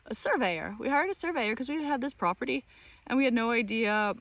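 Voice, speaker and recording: A woman hosting her own channel, telling a personal story in a casual, animated and exasperated way, with many fillers. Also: a little high, brisk, dry recording. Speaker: channel host.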